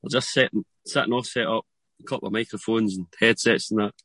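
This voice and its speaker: A Scottish man with a slightly husky voice tells animated stories in a relaxed podcast chat. The sound is close and dry, with no room around it. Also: fairly low pitch, fast, dry recording. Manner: animated storytelling with laughs. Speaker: podcast guest.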